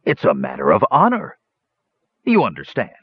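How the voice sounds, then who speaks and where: Sly gruff dwarf, bearded and boastful, as a man puts him on, lively swooping delivery, dull dry recording. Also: lowish voice, moderate pace, no room sound, exaggerated voice. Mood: coaxing. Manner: gruff, calls others laddie.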